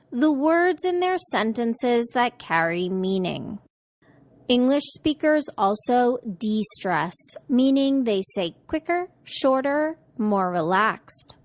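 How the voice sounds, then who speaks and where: A woman presents a scripted English pronunciation lesson, modeling sample words and speaking clearly and deliberately. Her voice is on the high side, and the recording is dry.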